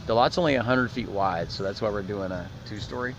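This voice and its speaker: A man's voice: fairly low pitch, brisk. A man casually narrating while riding in a car, rambling as he points things out and gives the driver directions. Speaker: vlogger showing his land. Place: inside a moving car. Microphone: handheld phone camera. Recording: distant muffled voice under loud wind and road noise.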